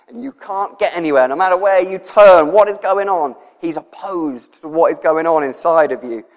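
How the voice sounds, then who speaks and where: A man's voice: on the high side, expressive, unhurried. A man preaching a sermon to his congregation, talking conversationally, often chuckling and moved close to tears. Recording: long hall reverb.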